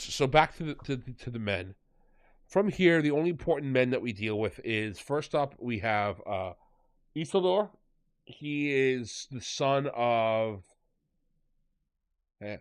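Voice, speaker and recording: A man's voice: medium pitch, a bit bright, clear, resonant tone, dry recording. A man hosting a podcast, recapping and mocking a fantasy series in casual, rambling, sarcastic chat. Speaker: podcast host.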